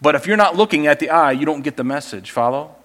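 A male pastor preaches a sermon in an animated, conversational storytelling style. His voice sits on the high side and he speaks at a quick pace.

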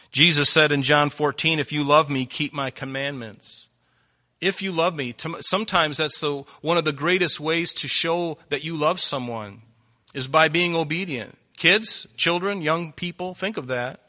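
A male pastor delivering a sermon in a bright, slightly high voice. He speaks emphatically, pushing his listeners with rhetorical questions between scripture readings. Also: moderate pace. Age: adult.

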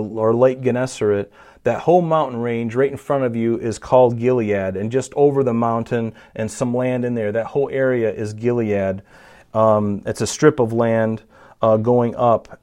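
A man's voice: medium pitch, darkish tone. A man preaching an expository sermon, teaching conversationally with restarts and rising emphasis. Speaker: pastor.

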